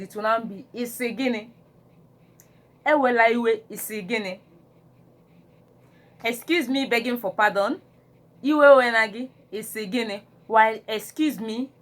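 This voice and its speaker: A woman teaching phrases, repeating each one in English and Igbo, animated when acting them out. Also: mid-range voice. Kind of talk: slow phrase-by-phrase language lesson.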